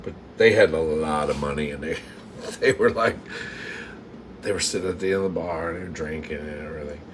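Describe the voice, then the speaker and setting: A man's voice: extremely low pitch, a little fast, a little hiss or hum. A man hosting a live stream from his kitchen, telling a long campy story, laughing often and acting out customers. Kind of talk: casual storytelling to live chat. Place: home kitchen.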